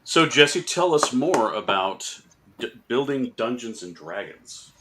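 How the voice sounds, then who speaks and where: A man's voice: mid-range voice, very animated, a little slow, background noise. A man co-hosting a casual chat on a video call, teasing the others. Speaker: co-host.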